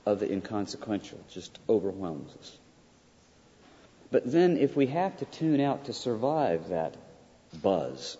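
Husky low-voiced male professor lecturing. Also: dark tone. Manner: emphatic, peppered with "right?" asides. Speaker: college professor. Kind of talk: classroom lecture. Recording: dull lo-fi sound with long hall reverb.

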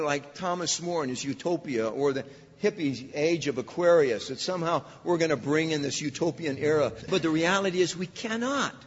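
A man preaching in a church, his voice slightly husky and a little higher than most men's. He drives points home by repeating phrases, mixing in dry asides. The recording is dull and lo-fi, with a long reverb from the sanctuary. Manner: emphatic, repeats phrases for emphasis, dry humor. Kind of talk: sermon.

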